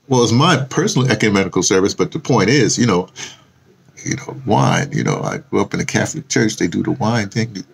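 A man's voice: lowish voice, vocal fry, slightly rough. A middle-aged man talking in a rambling, casual vlog, drifting off-topic and restarting his sentences often. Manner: meandering, with many fillers and restarts. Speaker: vlogger.

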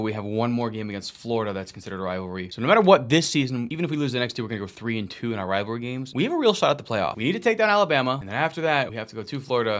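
Man, gameplay commentary, very animated pitch, mutters plays then yells, swears. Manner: swings from low muttering to loud excited yelling, swears. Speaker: gaming video creator.

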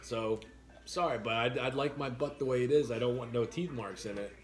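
A man hosting a casual livestream, chatting with viewers and telling animated stories. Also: medium pitch, fairly quick. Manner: animated storyteller, acts out quotes loudly. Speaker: livestream host. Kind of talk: casual chat reading viewer comments.

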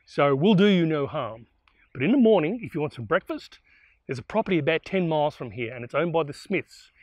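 A man's voice: fairly high pitch, lively intonation, brisk, darkish tone, no echo, muffled recording. A man telling of an easygoing bushranger. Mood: confiding. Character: bold bushranger man, cheerful and generous.

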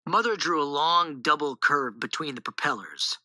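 A woman reading a children's storybook aloud in an animated, expressive way on a close mic. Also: sits low, moderate pace, hardly any pauses, dry recording, rough recording.

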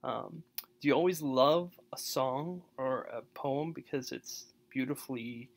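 A man giving a recorded poetry lecture, halting with many fillers and often checking in with "right?". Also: mid-range voice, vocal fry.

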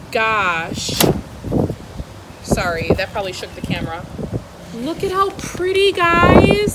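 A young adult woman vlogging outdoors, gushing and squealing with delight as she unboxes plants. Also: on the high side. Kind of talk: excited unboxing vlog. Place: outdoors in the wind. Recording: wind noise on outdoor mic.

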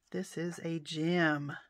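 A woman chatting through an unboxing of her mail haul, softly spoken, often exclaiming in delight and sometimes slipping into a whisper. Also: low-pitched. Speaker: vlogger showing a mail haul. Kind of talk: casual unboxing chat.

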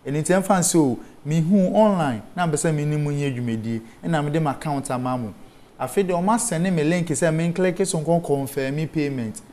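Appearing as a guest on a studio interview, a Ghanaian-accented man walks through online safety one step at a time and spells terms out letter by letter. His voice is a little high and a little mellow, with a slightly fast delivery.

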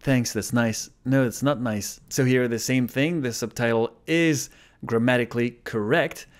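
A man's voice: mid-range voice, unhurried, smooth. Chatty man reviewing a language app. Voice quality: chatty, amused, repeats phrases to study them. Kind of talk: casual explanatory review.

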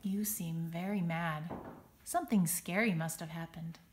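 A woman voicing a kind butterfly teacher in a storybook read-aloud, speaking slowly, firmly and soothingly. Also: fairly low pitch, steady tone, darkish tone, a little hiss or hum, lightly acted. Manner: slow, firm and soothing.

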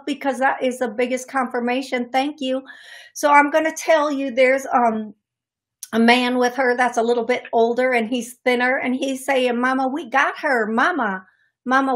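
Brief: woman radio psychic host, somewhat high voice, gushing and affectionate with callers. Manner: affectionate, effusive, calls callers love. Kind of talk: call-in radio show.

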